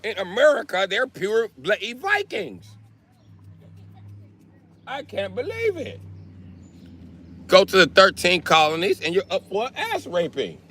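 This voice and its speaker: A man voicing a fussy, whiny British redcoat soldier, putting on a shrill British manner and shouting in high-pitched outrage. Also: sing-song, takes it slowly, long pauses, full character voice. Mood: outraged. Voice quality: shrill, put-on British "mate" talk.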